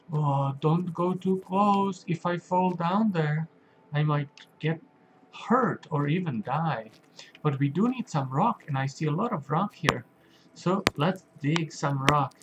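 A man's voice: fairly high pitch, slight background noise, poor audio. A man narrating his video game play for young children, speaking simply and asking them questions as he goes. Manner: slow, simple and questioning, talks to young viewers. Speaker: game streamer for kids. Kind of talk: gentle gameplay narration for children.

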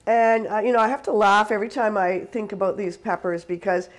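A Canadian woman hosts a live cooking stream in a casual, chatty manner, laughing often and answering viewers as she cooks. Her mid-range voice is brisk with fairly even intonation, and the recording is low in quality.

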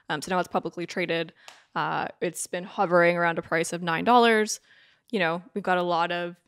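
Low-voiced, chatty female podcast co-host. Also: dry recording, clean studio sound. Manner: laughs often, animated, chatty. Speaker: podcast co-host, financial advisor. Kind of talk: casual podcast chat.

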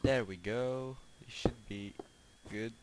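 A man's voice: medium pitch, slow. A man casually commenting on his own gameplay, chatty and easily exasperated, coaxing the animals he meets. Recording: home recording with clear background noise and clicks.

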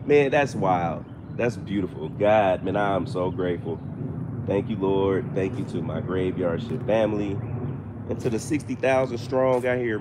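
A man hosting a casual live stream while walking through a cemetery, chatting with viewers and giving them shout-outs, recorded outdoors on a handheld phone. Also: fairly low pitch, background noise. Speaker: paranormal show host, live streamer. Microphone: handheld phone camera.

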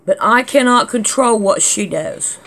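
A woman's voice: a little high, lively intonation, measured pace, gravelly, fairly bright tone. A woman hosting a casual vlog, reading out viewer comments in a chatty, scolding, drawling way. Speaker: channel host reading comments.

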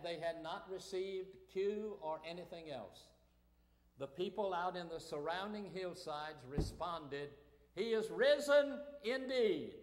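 A man preaches an Easter sermon in a slow, measured way, his voice sitting a little high for a man. He builds to loud shouted calls for the congregation to answer. His voice rings with the long reverb of a church sanctuary. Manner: slow, deliberate preaching, rising to loud call-and-response shouts. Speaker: pastor.

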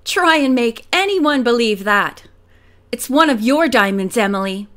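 A woman's voice: fairly high pitch, expressive, unhurried, a bit bright. A woman reading the part of a hostile, sarcastic young woman in an audiobook.

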